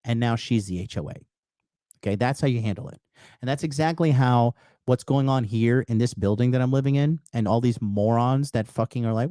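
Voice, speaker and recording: A man's voice: mid-range voice, a little fast, dark tone, no echo, studio quality. Profane, heated man ranting. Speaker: call-in show host. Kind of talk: casual ranting monologue.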